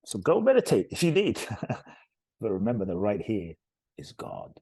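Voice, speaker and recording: A man's voice: on the low side, huge pitch swings, a little slow, warm tone, slightly rough, no room sound. A man, a podcast guest and retreat leader, telling stories in an earnest, emphatic and heartfelt way. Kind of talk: conversational storytelling interview.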